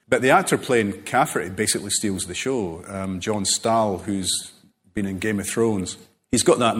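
A man being interviewed as a novelist, telling rambling, animated stories full of self-corrections. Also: fairly low pitch, breathy edge. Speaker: novelist guest. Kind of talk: relaxed conversational interview.

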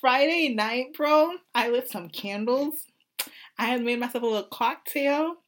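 A woman's voice: on the high side, measured pace, noisy background. Slangy, blunt young woman. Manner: blunt, slangy, swears freely. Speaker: podcast co-host. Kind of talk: casual chat.

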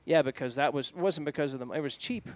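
A man's voice: on the high side, quick pace, no echo. A man co-hosting a podcast, casually telling a personal story. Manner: chatty storytelling, even tone. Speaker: podcast co-host.

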